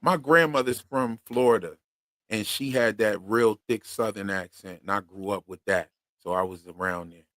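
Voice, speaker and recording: A man's voice: lowish voice, moderate pace, fairly bright tone, dry recording. A man from Pennsylvania with a Philadelphia accent, co-hosting a loose, slangy livestream chat and reading viewer comments aloud. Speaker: podcast co-host.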